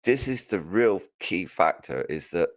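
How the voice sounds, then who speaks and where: Male guest, very low voice, lively intonation, dry sound, thinks out loud. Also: unhurried, no room sound. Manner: musing, stammering restarts, laughs easily. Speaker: podcast guest. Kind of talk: casual podcast chat.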